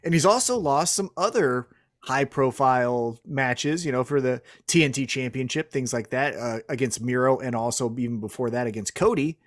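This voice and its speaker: A man co-hosting a wrestling podcast in casual chat, animated, with quick asides and some swearing. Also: mid-range voice. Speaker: co-host.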